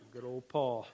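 A man's voice: medium pitch, dark tone, slight background noise. A man preaching a sermon as a pastor, talking in a folksy, conversational way with humor and asides, and building emphatic, rhythmic exhortations.

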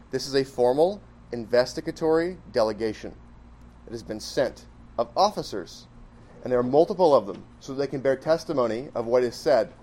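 A man teaching a classroom Bible lesson in a conversational, emphatic way, full of rhetorical questions and quick asides. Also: mid-range voice, darkish tone.

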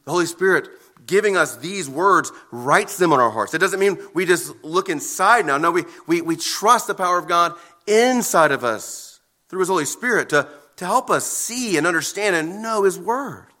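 A man preaching a sermon as pastor, earnest and emphatic, with deliberate pauses between phrases. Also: high voice, animated, pushed and bright.

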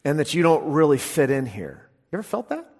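A man preaching a sermon, emphatic, moving between loud exclamations and quiet, intense asides. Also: fairly high pitch, very animated, brisk, breathy edge, big-room sound.

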